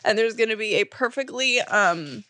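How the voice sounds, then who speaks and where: A woman co-hosting a relaxed podcast, with a high voice that swings widely in pitch. She keeps breaking down into helpless laughter and tears, and sometimes she can barely get the words out. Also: normal speed, a little hiss or hum. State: crying with laughter. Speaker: podcast co-host. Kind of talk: casual chat.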